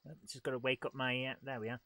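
A man with a medium-pitched, fairly flat voice talks rapid-fire in a pushed, bright way. He's live-streaming a video game and chatting with viewers casually, poking fun at himself in let's-play commentary. Noisy game sounds, engine and vehicle noise among them, run underneath.

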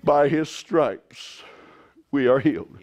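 Pastor man preaching hard, kinda high voice, goes quiet then yells. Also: animated, takes it slowly. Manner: impassioned preaching, rising to shouts. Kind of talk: sermon.

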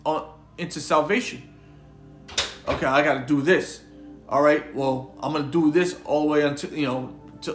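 This man, a street preacher, gives a loose sermon, reading out scripture and chatting in slang while repeating words often. His voice sits on the high side, and the recording has a roomy feel.

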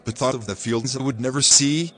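A man reading a children's story aloud in a steady, measured narration. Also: medium pitch, slight background noise.

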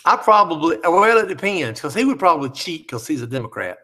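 A man's voice: a little high, big pitch swings, fairly quick, pushed and bright. A man hosting a live chat, reading out viewer comments and teasing them in a joking, easygoing way.

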